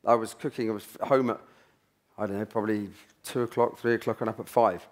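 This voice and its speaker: Fast-talking and steady in tone, the fairly low-pitched voice belongs to a middle-aged chef. His symposium talk is an anecdotal, rambling tale from his kitchen days, with many restarted sentences.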